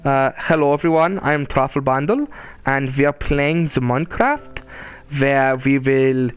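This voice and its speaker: A man voicing a cheerful, simple-minded male gnome in a mock German accent, talking slowly and repetitively. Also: medium pitch, clean tone, natural voice. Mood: goofy. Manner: slow, plodding and repetitive. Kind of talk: live-stream character voice.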